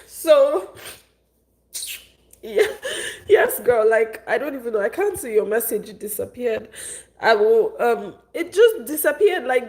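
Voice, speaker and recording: A woman's voice: mid-range voice, a little mellow. A young woman vlogging on a live stream, tearful and upset, venting in casual rambling chat.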